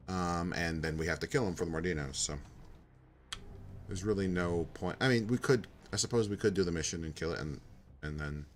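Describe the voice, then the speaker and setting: Low-voiced man casually narrating a game. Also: fairly bright tone. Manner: casual, thinking aloud with fillers. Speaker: gaming channel host. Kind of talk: let's play commentary, reading dialogue aloud.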